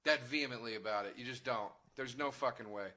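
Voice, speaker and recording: A man's voice: medium pitch, fast talker, pushed and bright. A man, a comedian co-hosting a casual chat, telling profane stories and acting out other people. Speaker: comedian co-host.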